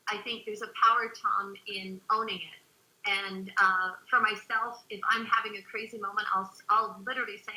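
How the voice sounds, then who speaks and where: A woman co-hosting a relationship webinar, speaking earnestly and reflectively, at times softly. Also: mid-range voice, level tone, normal speed, echoey room, low-quality recording. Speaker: co-host. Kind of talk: webinar talk.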